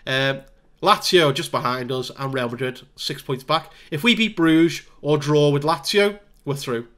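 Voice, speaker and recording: A man giving casual let's-play commentary on a football management game, chatting through the match with wry asides and bursts of excitement. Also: on the high side, measured pace. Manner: wry, self-deprecating asides. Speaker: gaming video creator.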